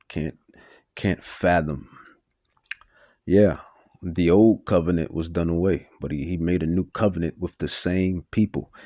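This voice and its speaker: Gravelly, very low-voiced male preacher. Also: dark tone, dry recording, studio quality. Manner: emphatic, repetitive, stumbling restarts. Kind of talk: Bible teaching sermon.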